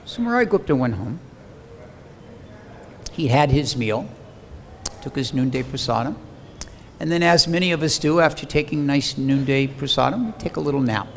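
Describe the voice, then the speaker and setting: A man giving a scripture lecture as an animated, dramatic storyteller who acts out the quoted voices. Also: mid-range voice, moderate pace, long pauses. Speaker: preacher. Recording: long hall reverb, faint background hum.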